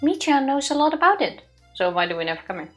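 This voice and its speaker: A woman's voice: high voice, quick pace, faint music behind. A woman co-hosting a let's play, chatting casually and laughing often. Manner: giggly, animated. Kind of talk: casual chat while playing.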